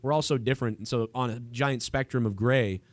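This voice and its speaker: A man's voice: mid-range voice, steady tone, brisk, no echo. A man hosting a livestream in casual chat, rambling with frequent restarts and trailing thoughts. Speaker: livestream host.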